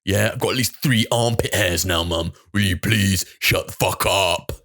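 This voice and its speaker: A man's voice: sits low, normal speed, a bit bright. A man voicing a fed-up young teenager who snaps sarcastically and swears at his mum. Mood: exasperated.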